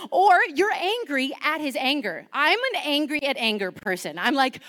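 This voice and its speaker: A woman preaching a chatty, animated sermon, asking the congregation questions into a microphone. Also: sits high, measured pace, hardly any pauses.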